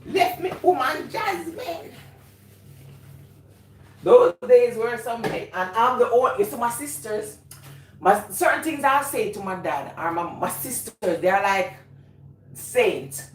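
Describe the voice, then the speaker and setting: A woman's voice: on the high side, expressive, a little slow, slight background noise. Laughing Jamaican woman telling stories. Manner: rambling, laughs often while telling stories. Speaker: vlogger. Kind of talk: casual storytelling. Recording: echoey room, voice from a distance.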